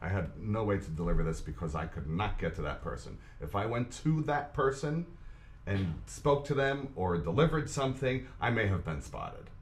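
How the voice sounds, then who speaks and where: A man, a guest on a live web talk show, chatting in a lively way and laughing often. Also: low voice, normal speed, roomy sound. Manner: lively, laughing, talks over the host. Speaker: guest actor and singer. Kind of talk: casual chat.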